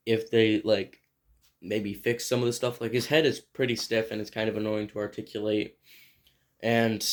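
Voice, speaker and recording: A man casually reviewing an action figure, rambling and thinking aloud as he handles it, often clearing his throat. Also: on the low side. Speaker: toy reviewer. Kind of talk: casual toy review vlog.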